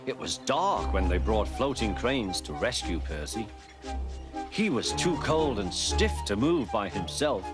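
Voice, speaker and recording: A man narrating a children's storybook tale in a gentle, lively manner. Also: on the low side, a little slow. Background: background music.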